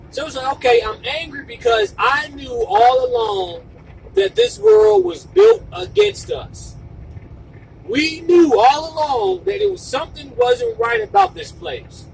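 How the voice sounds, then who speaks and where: A man delivering an impassioned, profane video monologue, repeating himself for emphasis and sometimes shouting. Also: extremely high pitch, lively intonation, a little slow, gravelly, far from the mic, a little hiss or hum, poor audio. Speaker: video blogger.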